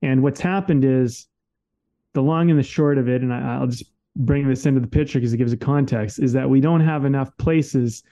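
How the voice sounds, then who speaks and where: A man's voice: medium pitch, moderate pace, warm tone, dull audio. A man co-hosting a podcast in casual conversation, talking candidly and emphatically and swearing freely. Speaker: podcast co-host.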